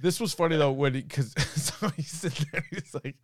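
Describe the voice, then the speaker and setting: A man co-hosting a podcast, retelling comedy sketches with animated energy and casual swearing. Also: fairly high pitch, moderate pace, dry recording. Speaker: podcast co-host. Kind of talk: casual chat.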